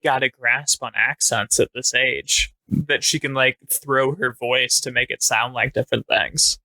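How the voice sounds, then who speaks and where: A man co-hosting a comedy podcast, speaking casually with wry, deadpan quips and plenty of fillers. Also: mid-range voice, unhurried, no room sound. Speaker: podcast co-host.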